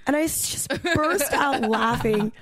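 A young woman telling a story in casual chat, animated, peppered with "like" and "dude" and swearing freely. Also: sits high, unhurried.

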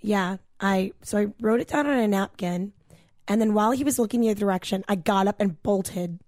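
Young woman, mid-pitched, blunt and profane storyteller, dry close sound; podcast co-host. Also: brisk, no echo. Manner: blunt, swears freely, animated retelling. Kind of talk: casual chat, storytelling.

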